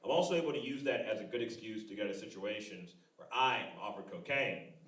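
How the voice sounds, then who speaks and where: A man in his thirties doing a stand-up comedy set on a live club stage, animated and loud with shouted impressions. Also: on the low side, fast talker. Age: 30s. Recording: echoey room, voice from a distance. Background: audience laughter.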